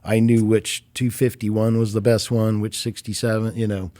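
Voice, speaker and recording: A man in his fifties, a recording engineer, telling stories casually in an interview and acting out quoted voices with lively jumps in pitch. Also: moderate pace, no room sound. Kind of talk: casual storytelling. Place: recording studio.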